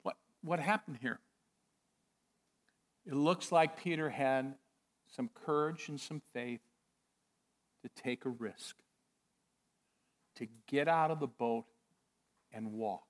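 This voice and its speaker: A man preaching a sermon as pastor, retelling a story with animated excitement and frequent chuckles. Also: medium pitch, slow, pauses often. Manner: chuckles often.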